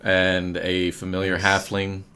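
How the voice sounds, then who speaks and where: A man running a tabletop game as game master, unhurried and often laughing. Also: deep voice, completely flat delivery, bright, forceful tone, clean tone.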